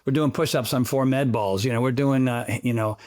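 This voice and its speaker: A fitness trainer appears as an interview guest, telling lively, meandering stories full of sound effects in a casual chat. His voice is medium-pitched and a little quick.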